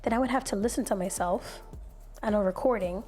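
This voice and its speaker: A young adult woman hosting a podcast, telling stories in a casual, animated way and acting out other people's voices. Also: medium pitch, a little fast, faint music behind. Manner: animated storyteller who acts out voices. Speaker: podcast host.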